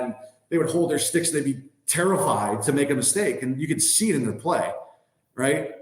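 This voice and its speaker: A man in his thirties, a guest on a podcast, telling a story in casual chat. He talks in an animated way, full of "like" and "I mean". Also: mid-range voice. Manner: animated, acts out quoted voices, many "like" and "I mean" fillers. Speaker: podcast guest, former hockey player. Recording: roomy echo.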